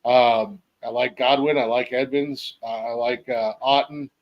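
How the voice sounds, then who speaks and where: Football podcast host from ohio, laid back, lots of ums, medium voice. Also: male voice, mid-range voice, fairly even intonation, measured pace, highs cut off. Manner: easygoing, many fillers. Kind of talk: casual sports chat.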